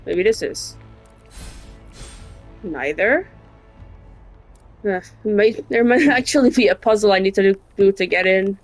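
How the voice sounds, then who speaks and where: A woman's voice: medium pitch, animated, a little slow, pauses often, faint music behind. A young woman casually chatting and muttering to herself while playing a game, now and then swearing. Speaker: gaming streamer. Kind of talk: casual gameplay commentary.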